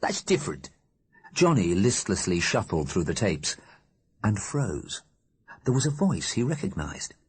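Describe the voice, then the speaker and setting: A man narrating an audiobook in a measured, wry storytelling manner. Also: low-pitched, sing-song, breathy edge. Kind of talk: scripted narration.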